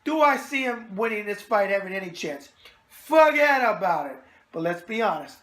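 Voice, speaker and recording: A man's voice: high voice, expressive, brisk, bright, forceful tone. A man with a New York accent hosting a casual boxing mailbag show, brash and wisecracking. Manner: brash, wisecracking, catchphrase-heavy. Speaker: boxing web show host. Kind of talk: casual video mailbag talk.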